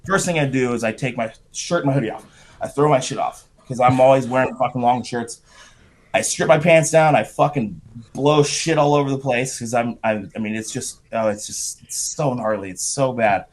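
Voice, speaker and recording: A middle-aged man, a podcast guest, telling a profane, animated story in casual talk. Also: mid-range voice, moderate pace. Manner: profane, animated anecdote with shouted quotes.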